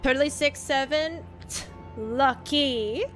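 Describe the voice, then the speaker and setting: A woman's voice: sits high, slow, fairly bright tone, soft background music. A woman streamer reading horror stories aloud in a casual way, giggling, swearing and chatting with viewers between lines. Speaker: vtuber streamer.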